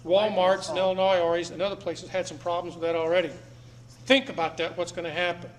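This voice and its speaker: A man's voice: high voice, steady tone, a little fast. A middle-aged man giving a live talk to an audience, blunt and emphatic, hammering points home by repeating them. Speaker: speaker addressing an audience. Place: meeting room with seated audience. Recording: echoey room, faint background noise.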